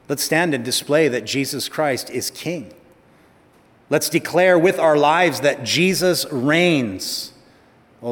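A male pastor preaching a sermon in a church, emphatic, slowing down and speeding up and rising to stress his points. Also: medium pitch. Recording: long hall reverb.

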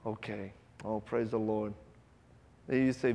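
Animated preacher man in a big hall. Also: mid-range voice, moderate pace. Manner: animated, acts out voices in stories, loud bursts. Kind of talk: sermon with storytelling and altar call.

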